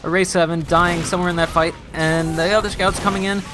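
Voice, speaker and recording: Excitable American man calling plays. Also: high voice, music in the background. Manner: excitable, rushes through calls. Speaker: esports caster. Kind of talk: excited play-by-play commentary.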